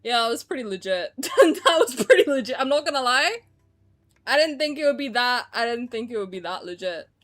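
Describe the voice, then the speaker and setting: A young woman streamer chats casually while she plays, her fairly high, slightly bright voice swinging widely in pitch at a brisk clip. Her gameplay commentary is sarcastic, and she swears freely.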